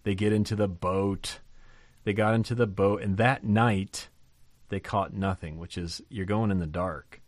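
A man preaching a sermon on a Bible passage, animated and emphatic, repeating key phrases for weight. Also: fairly low pitch, a little slow, dry recording. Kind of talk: sermon teaching on a Bible text.

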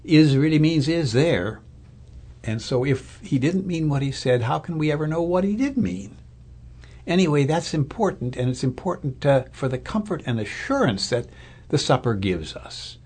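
A man's voice: a little high, expressive, moderate pace, darkish tone, breathy edge. A man preaching a sermon as a pastor, in a conversational, thoughtful way with fillers and restarts. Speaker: Lutheran pastor or Bible teacher.

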